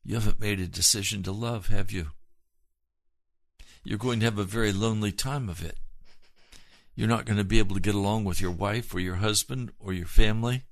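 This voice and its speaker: A man preaching a sermon in an earnest way, moving between hushed and emphatic delivery and slowing down to stress points. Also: fairly low pitch, steady tone, dry recording.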